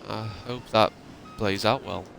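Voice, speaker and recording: A man's voice: lowish voice, fairly even intonation, unhurried, creaky, a bit bright, soft background music. A man ranting in an upset, emotional way and swearing often, as a YouTuber talking to his viewers. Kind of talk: ranting monologue.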